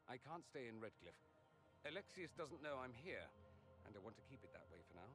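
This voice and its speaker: A wry young male mage, voiced by an actor in a video game, his pitch rising and falling freely. Beneath his lines, game music plays clearly. He delivers dry, caring parting words. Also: big pitch swings, brisk, natural voice. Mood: earnest. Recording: game audio with music underneath.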